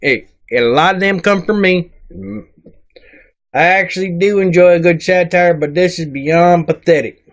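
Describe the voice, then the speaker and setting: A man's voice: high-pitched, moderate pace, natural voice. A man voicing a cranky, crude male dwarf sidekick who rambles, mocks and talks in rustic grammar. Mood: grumpy. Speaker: sidekick reading comments. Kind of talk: comedic comment reading.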